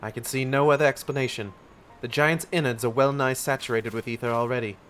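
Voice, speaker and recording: A man voicing a calm, scholarly female mage who speaks in a measured, formal way. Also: medium pitch, slight background noise, close to an everyday voice. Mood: composed. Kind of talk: reading game dialogue aloud in voices.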